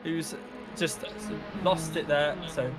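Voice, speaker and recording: High-voiced male co-commentator over music. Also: fairly even intonation, slow pace. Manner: analytical, talks through gaps and tactics. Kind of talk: sim racing commentary.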